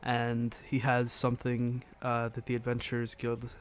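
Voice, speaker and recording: A man narrating a tabletop game as game master, halting and correcting himself as he goes. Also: mid-range voice, monotone, clear, resonant tone.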